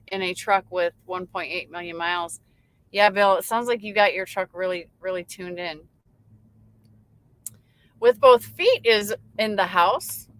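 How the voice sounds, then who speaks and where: A woman from Michigan hosts a casual late-night trucker livestream from her truck. Her voice is bright and forward, and her talk stays easygoing as she reads viewer comments aloud, answers them, and laughs along. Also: medium pitch, poor audio. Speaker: livestream host. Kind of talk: casual chat reading live comments.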